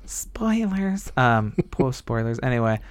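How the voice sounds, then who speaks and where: A man in his twenties chatting casually, telling rambling profane stories and jumping into high squeaky impressions. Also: lively intonation, normal speed, no room sound, studio quality. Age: 20s. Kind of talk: casual chat.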